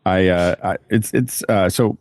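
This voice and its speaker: Deep-voiced man rambling about gear. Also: a little slow, darkish tone, no room sound, studio quality. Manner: rambling, many restarts. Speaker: podcast panelist. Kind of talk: casual tech chat.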